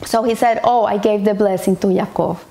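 A woman's voice: mid-range voice, fairly even intonation, brisk, gravelly, warm tone. A woman teaching a Torah portion as a story, retelling it earnestly with frequent restarts and Hebrew terms mixed in.

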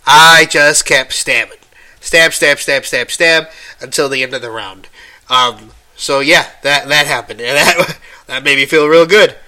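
Host, man, unhurried, bright tone, coughing as he recovers from illness, halting speech full of ums. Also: on the high side. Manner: halting, with many ums and restarts. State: coughing, getting over an illness. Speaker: podcast host. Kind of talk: casual solo storytelling.

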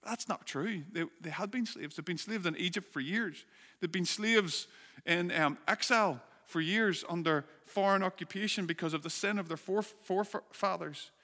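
Earnest male preacher, slightly high and bright-toned, recorded in a hall with a long echo. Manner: earnest, builds emphasis with rhetorical questions. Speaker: pastor. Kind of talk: sermon.

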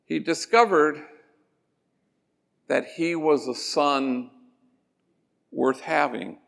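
A man, a priest, telling stories in a gentle, slow sermon-like talk that drops to soft endings. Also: on the high side, creaky. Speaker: priest and speaker. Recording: long reverb of a large hall.

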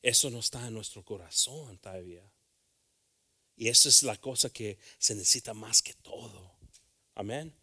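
A man preaching a bilingual sermon, swinging from hushed asides to loud calls and repeating phrases. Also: medium pitch, a little fast, slightly rough.

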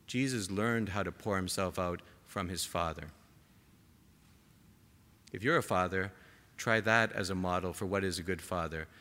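Impassioned preacher in a reverberant hall. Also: male voice, low voice, normal speed, long pauses. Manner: impassioned, rising to emphatic peaks then dropping soft. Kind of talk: sermon.

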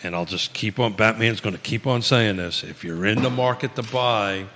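A man's voice: lowish voice, moderate pace, in a large hall, noisy background. A man with a Virginia accent hosting a live real estate talk show, folksy and repetitive, calling himself Batman. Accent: American Virginia. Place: local live broadcast studio.

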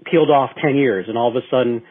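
Man, casual talk show co-host, rambling storyteller, husky, tinny phone-like sound. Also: mid-range voice, fast talker. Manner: rambling storyteller with many restarts and fillers. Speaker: podcast co-host. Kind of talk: casual chat.

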